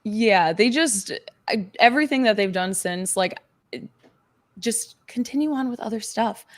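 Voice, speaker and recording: A woman's voice: medium pitch, lively intonation, a little slow. A woman guest chatting casually and easygoingly on a live stream. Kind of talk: casual chat.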